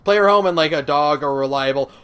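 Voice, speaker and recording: A man's voice: a little high, fairly quick, clean tone. Laid-back man podcast co-host. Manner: relaxed, filler-heavy, swears casually. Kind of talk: casual gaming chat. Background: faint background music.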